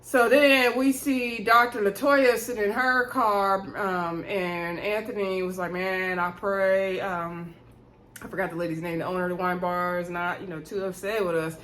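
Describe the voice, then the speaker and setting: A woman's voice: mid-range voice, normal speed, roomy sound, slight background noise. Sassy woman recapping reality TV. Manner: sassy, animated retelling with quoted voices. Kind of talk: casual recap chat.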